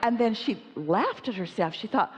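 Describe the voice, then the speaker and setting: A woman speaks on stage at an inspirational seminar, emphatic and animated, referring to herself as "we". Her mid-pitched voice rings with the long reverb of a large hall. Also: normal speed, muffled recording, a little hiss or hum. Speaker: speaker answering audience questions.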